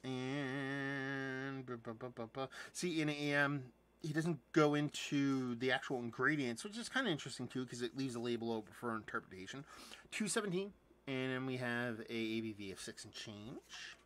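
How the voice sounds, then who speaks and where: A man talking in a bright, forward voice, rambling through a casual live unboxing chat. He is enthusiastic and curses freely, and he fills his talk with ums and restarts. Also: mid-range voice, normal speed. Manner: rambling and chatty, with many fillers and restarts. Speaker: beer reviewer and channel host.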